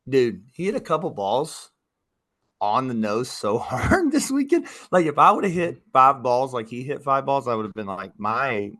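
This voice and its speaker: A man co-hosting a casual podcast as a youth baseball coach, telling animated stories about his players. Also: medium pitch, moderate pace, no room sound, clean studio sound. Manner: animated storytelling, quoting players.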